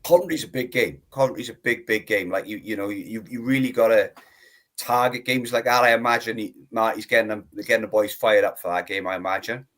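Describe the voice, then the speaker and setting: A man's voice: lowish voice, brisk, a bit bright. A man with a Welsh accent from the South Wales valleys calls in to a fan show and chats in an easygoing, rambling way, full of "like". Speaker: caller. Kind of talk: casual call-in chat.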